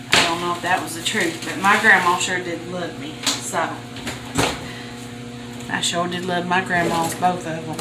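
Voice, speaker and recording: In a reverberant home kitchen with background noise, an older woman with a mid-range voice talks through her cooking for a casual vlog. She comes across as a chatty, homey storyteller who laughs frequently.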